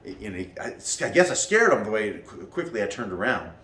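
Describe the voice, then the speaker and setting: A man telling a story to his class as their teacher, animated, acting out what people said with many restarts. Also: lowish voice, fairly quick, reverberant, distant mic. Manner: animated, acts out quotes in raised voices, many restarts. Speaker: martial arts teacher leading a class. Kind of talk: storytelling lesson to students.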